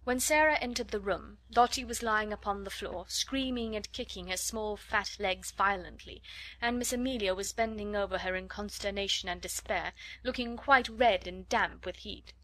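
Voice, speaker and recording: A woman narrating a classic storybook in an expressive, measured reading. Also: medium pitch.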